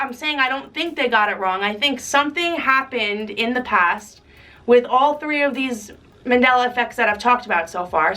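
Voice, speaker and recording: A woman's voice: high voice, bright, forceful tone, recorded from a distance. A young woman vlogging in a chatty, casual way, full of "like" and laughs. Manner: chatty, uses "like" a lot, laughs. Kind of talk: casual chat.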